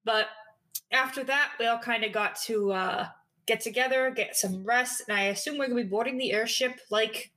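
A woman player recapping a tabletop game session in casual chat, giggly and swearing, with quick asides. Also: on the high side, sharp tone.

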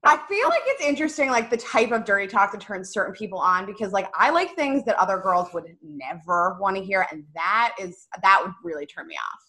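A woman's voice: mid-range voice, sing-song, a little fast, few pauses, pushed and bright. A woman in her thirties, a podcast guest, talking frankly and bluntly about dating in casual comedic chat. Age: 30s.

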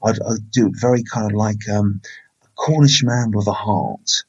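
A man's voice: lowish voice, steady tone, normal speed, darkish tone, husky, muffled recording. A man hosting a casual film review podcast, rambling and playful with lots of fillers.

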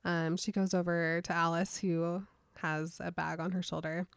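Woman, lowish voice, storytelling recap, dry close mic, casual chat. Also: level tone, normal speed, gravelly, clear, resonant tone, no room sound. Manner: storytelling, acts out quotes with little voices. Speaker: podcast co-host recapping a book. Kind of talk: casual chat, retelling and reading quotes.

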